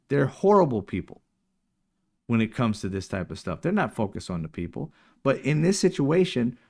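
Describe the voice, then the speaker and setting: A man's voice: medium pitch, a little mellow. A man hosting a casual political livestream, talking emphatically and mocking his opponents in put-on quotes. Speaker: political commentary show host.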